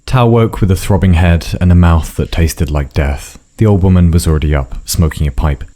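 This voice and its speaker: A man's voice: low-pitched, normal speed, warm tone. A man narrating a scripted fantasy story in a wry, dramatic way. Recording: faint background music.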